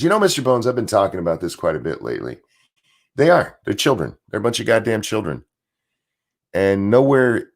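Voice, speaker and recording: A man with a strained, hoarse voice, ranting casually as host of a live stream and reading out viewer messages. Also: fairly low pitch. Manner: blunt, rambling, reads out viewer messages. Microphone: desk mic.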